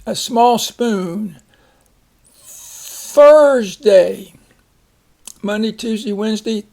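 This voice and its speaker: A man teaching a phonics lesson, slowly reading words, splitting syllables and giving example sentences. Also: sits high. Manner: slow, deliberate, repeats each word and splits syllables.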